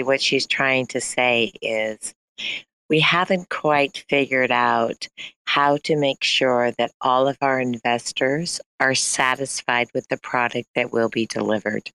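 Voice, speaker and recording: A man's voice: medium pitch, steady tone, slow pace, bright, forceful tone, clear, resonant tone, no echo, poor audio. A man playing a slick corporate spin doctor. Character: smooth-talking chief marketing officer of a dodgy company. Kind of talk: improvised comedy role-play in a live audio chat.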